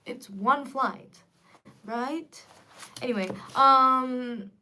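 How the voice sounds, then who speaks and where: A young woman chatting casually to viewers on a livestream, lively and quick to react. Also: sits high, slight background noise. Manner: chatty and animated, switching between English and Korean. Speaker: livestream host.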